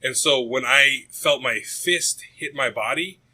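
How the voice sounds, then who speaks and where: A young adult man co-hosting a podcast, telling a story in a rambling, profane and animated way. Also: medium pitch, unhurried, slight background noise, low-quality recording. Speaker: podcast co-host. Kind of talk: casual storytelling chat.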